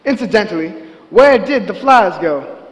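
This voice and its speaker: On stage, a male actor plays a proper, curious asylum doctor, speaking in clipped, formal, measured sentences with a composed but expressive delivery. His voice sits high for a man, and a theatre hall's long reverb trails after him.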